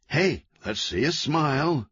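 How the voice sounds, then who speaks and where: Man doing a manic cheerful antihero, higher voice, lively, fast-talking, lo-fi dry audiobook recording. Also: husky, dry recording, exaggerated voice. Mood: gleeful. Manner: gleeful, fast-talking, wheedling. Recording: dull, lo-fi, dry.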